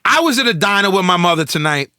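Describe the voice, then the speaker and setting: A man's voice: high-pitched, sing-song, fast, bright, forceful tone, no echo, clean studio sound. A man hosting a podcast, brash and joking in casual, profane banter. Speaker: podcast host.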